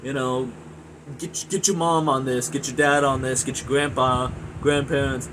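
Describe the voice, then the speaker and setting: A frustrated young man in his twenties vents in a rambling, profanity-laced rant about his hobby. His pitch sits in an ordinary middle range. A steady background hum runs under his voice. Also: moderate pace. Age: 20s. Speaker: gaming video reviewer. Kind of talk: angry ranting monologue.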